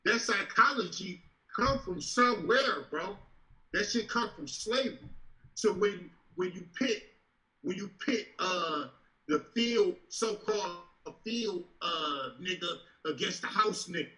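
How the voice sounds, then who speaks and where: Man explaining slowly and deliberately. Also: sits high, animated, bright, forceful tone, low-quality recording. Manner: slow, deliberate explaining, casual and profane. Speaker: panel member. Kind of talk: podcast panel discussion.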